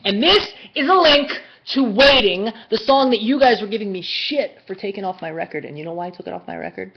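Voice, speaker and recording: Excitable man on a lo-fi live stream. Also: sits high, gravelly. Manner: excitable, swears, shouts bursts, then drops to mumbling while reading. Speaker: musician hosting a live fan chat. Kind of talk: casual live-stream chat. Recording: dull lo-fi webcast audio with faint noise.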